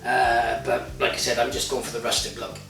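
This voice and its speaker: A man's voice: mid-range voice, completely flat delivery, fairly quick, distant mic. A man in his forties hosting a casual cooking vlog, chatty and jokey, swearing freely. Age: 40s. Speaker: cooking show host. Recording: echoey room, off-mic, music behind.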